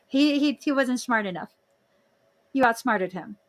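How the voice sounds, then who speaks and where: A young woman hosting a podcast in casual chat, expressive, with frequent laughs and exclaimed reactions. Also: fairly high pitch, a little slow. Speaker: podcast host.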